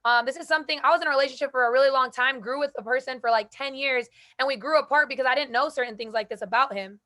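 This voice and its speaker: A young woman hosting a group call, giving an energetic, emphatic motivational talk with casual slang. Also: sits high, rapid-fire. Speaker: host speaking to a call group.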